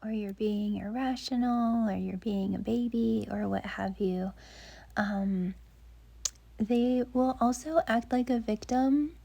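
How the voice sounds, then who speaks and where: A young woman giving dating advice in a soft, gentle whisper, rambling with frequent fillers as she talks. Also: a little high, fairly even intonation, takes it slowly, gravelly, husky.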